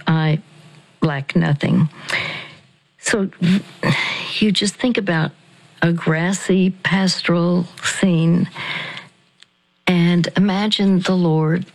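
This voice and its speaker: Woman, radio ministry talk, unhurried, low voice, soft music bed underneath. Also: gravelly, low-quality recording. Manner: slow, deliberate, repeats phrases for emphasis.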